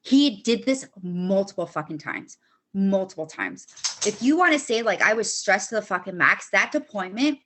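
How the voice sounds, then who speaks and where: A woman's voice: mid-range voice, lively intonation, moderate pace, a bit bright, slight background noise. A young woman guest on a podcast, bluntly telling a personal story, swearing often and acting out past arguments in quotes.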